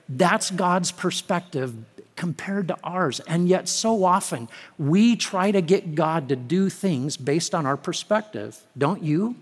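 Male pastor, high, bright register, storytelling sermon with humor that climbs to emphatic peaks, hall echo. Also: lively intonation, takes it slowly, breathy edge. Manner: storytelling, humorous asides, rising to emphatic preaching. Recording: long hall reverb.

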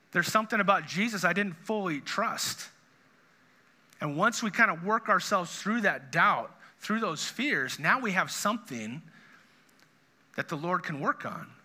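A man's voice: sits high, pushed and bright. A middle-aged man, a pastor, preaching a sermon in an earnest, conversational way with frequent restarts.

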